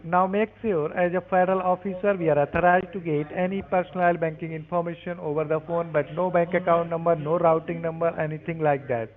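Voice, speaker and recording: A man's voice: fairly high pitch, fairly even intonation, brisk, hardly any pauses. A man cold-calling as a scam caller, speaking in a curt, pushy way with broken phrasing. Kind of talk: scripted phone scam. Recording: tinny phone line.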